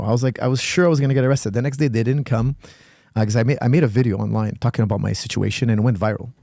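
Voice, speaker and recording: A man from Canada, a coach and gym owner, telling a story in casual conversation, emphatic and building to sudden high-pitched outrage. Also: fairly even intonation, racing, vocal fry, mellow, no room sound, studio quality. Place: podcast studio.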